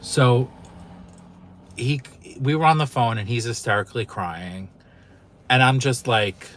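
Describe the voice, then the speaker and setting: A man's voice: mid-range voice, measured pace, long pauses, a bit bright, slight background noise. A man hosting his own channel, telling a personal story in a casual, candid way, emotional and swearing freely. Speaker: YouTube channel host.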